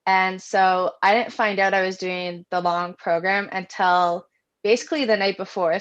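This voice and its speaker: A woman, chatting earnestly as an interview guest and telling her story in detail. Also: lowish voice. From Canada. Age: early 20s. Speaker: guest athlete. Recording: dull lo-fi audio.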